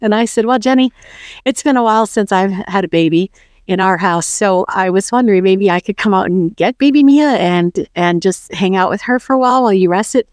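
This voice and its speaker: A middle-aged woman guest telling a personal faith story in an animated way, acting out the quoted voices. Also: mid-range voice, a little fast, smooth, dry recording, clean studio sound. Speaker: podcast guest.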